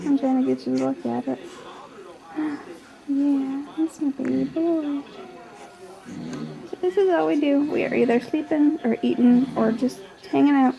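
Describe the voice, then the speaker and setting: A woman filming her newborn at home on a handheld camcorder, talking to him in soft cooing baby talk. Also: high-pitched, fairly even intonation, takes it slowly, gravelly, pauses often, rough recording. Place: living room at home.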